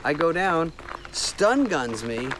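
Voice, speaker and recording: Animated man telling a story. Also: on the high side, takes it slowly, background noise. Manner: animated, acts out quoted dialogue. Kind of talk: storytelling in casual chat.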